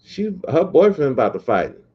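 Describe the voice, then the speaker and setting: A man's voice: on the high side, sing-song, fairly quick, husky, muffled recording. A man hosting a podcast livestream, ranting bluntly and profanely in a casual, repetitive way. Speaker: podcast host.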